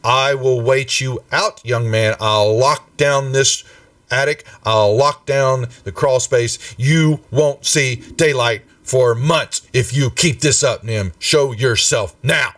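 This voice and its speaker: A man voicing a stern, motherly woman who scolds her wayward ward slowly and firmly. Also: mid-range voice, a bit bright, dry recording, recorded from a distance. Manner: slow, firm, scolding.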